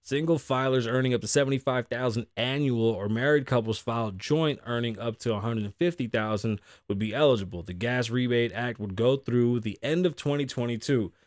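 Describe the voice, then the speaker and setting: A man's voice: medium pitch, brisk, few pauses, no room sound, studio quality. Blunt, profane young man host. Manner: blunt, profane, riffs on stories with acted quotes. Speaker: podcast host. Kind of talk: casual commentary, reading news stories aloud.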